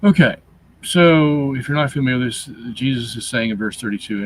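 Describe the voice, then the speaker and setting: A man hosting a show, explaining scripture and its Greek grammar in a deliberate, teacherly way, with fillers and repeated words. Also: medium pitch, expressive, slight background noise, rough recording. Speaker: show host reading his Bible commentary.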